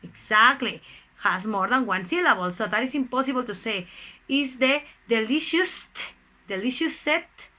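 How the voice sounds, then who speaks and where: A young woman, a native Spanish speaker with a Mexican accent, teaches English grammar online, explaining slowly and deliberately and frequently calling the class "guys." Her voice is on the high side with a sharp tone, and the recording quality is low.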